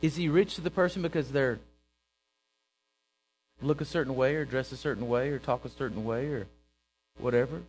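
A man preaching a sermon, telling a story and acting out its characters with bursts of loud emphasis. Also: mid-range voice, moderate pace, pauses often, soft background music, low-quality recording.

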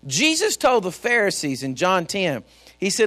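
A man's voice: high voice, sing-song, moderate pace, pushed and bright. A man preaching a sermon as a pastor, folksy and storytelling, speaking directly to his congregation. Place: church.

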